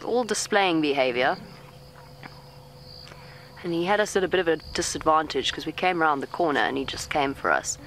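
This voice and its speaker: A woman safari guide, speaking softly and calmly outdoors, coaxing an elephant and explaining to viewers. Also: low-pitched, normal speed, pauses often, rough recording. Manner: calm, coaxing, talks gently to the animal. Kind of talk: live commentary to viewers while coaxing an elephant. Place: outdoors in a safari vehicle in the bush. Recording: faint outdoor bush noise, insects.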